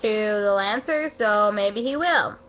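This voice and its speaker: A woman giving a casual, rambling anime episode review, emotional and excitable, full of fillers and restarts, her voice not at its best as she feels unwell. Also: medium pitch, measured pace, slight background noise. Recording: dull lo-fi home recording.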